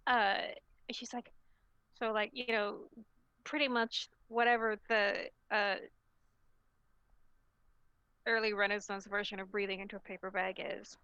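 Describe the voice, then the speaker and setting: A woman narrating a tabletop game as storyteller, relaxed and rambling, with lots of filler sounds. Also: medium pitch, normal speed, clean tone, no echo, muffled recording.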